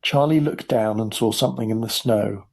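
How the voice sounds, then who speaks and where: A man narrating a children's story for English learners in a clear, measured storytelling voice. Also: on the low side, a little mellow. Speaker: audiobook narrator.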